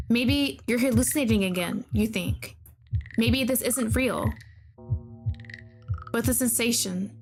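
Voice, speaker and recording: A young woman streamer reading a horror game aloud, breaking in with dramatic, alarmed reactions. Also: a little high.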